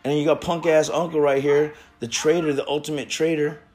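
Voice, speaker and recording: Animated, profane man hosting a chat. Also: a little high, fairly quick, slight background noise. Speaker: host of a smoking stream show. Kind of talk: casual reaction chat. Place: garage.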